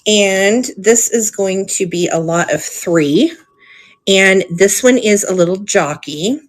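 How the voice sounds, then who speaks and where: A woman's voice: mid-range voice, slow pace. A woman hosting a live online auction stream, chatty and gushing, with frequent ums as she shows items. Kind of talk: live sale stream chat.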